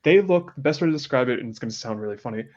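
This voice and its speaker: A man running a tabletop game, painting scenes in a loose, amused, chatty way. His voice sits in an ordinary middle pitch. The recording is dull and lo-fi. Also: animated, rapid-fire, a little mellow. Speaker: game master. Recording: dull lo-fi sound.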